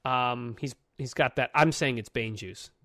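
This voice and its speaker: A man of middle pitch talks through a story in a casual podcast, animated and profane, his voice jumping up and down. The sound is dry and close, with no room around it. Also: dry recording. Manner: animated, profane retelling with quick pitch jumps. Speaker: podcast co-host.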